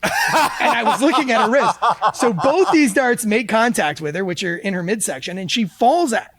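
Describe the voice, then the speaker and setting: A man, a police officer guest on a podcast, tells an animated story at speed and acts out the quotes. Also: high-pitched, over a noisy crowd. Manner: rapid, animated retelling with acted-out quotes.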